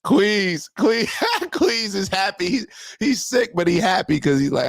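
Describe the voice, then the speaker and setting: A man's voice: high-pitched, animated, moderate pace, vocal fry, breathy edge, no room sound, clean studio sound. A man hosting a morning show, reacting to a clip and reading viewer comments in loose, slangy talk aimed straight at his viewers.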